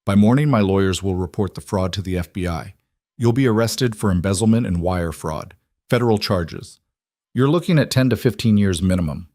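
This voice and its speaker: A man playing a calm, cold mafia boss. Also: low-pitched, fairly quick, no echo, studio quality. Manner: calm, conversational, matter-of-fact.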